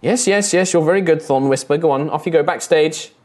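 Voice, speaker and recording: A man's voice: on the high side, fairly quick, darkish tone, lightly acted. A man voicing a fussy female official.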